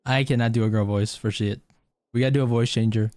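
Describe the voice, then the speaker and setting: A man's voice: medium pitch, fairly even intonation, fast, darkish tone, dry recording. A man doing casual, joking and profane gameplay commentary as a streamer, with a tired, strained throat. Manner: joking, profane, self-mocking. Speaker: gaming streamer.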